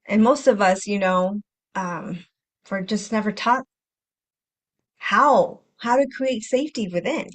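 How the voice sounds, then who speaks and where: A woman hosts a healing-focused podcast in a gentle, reflective self-help tone. Her voice sits at a medium pitch. She often repeats phrases and slips into soft, sighing inner-voice asides. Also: slow pace, long pauses. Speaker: podcast host and healing coach.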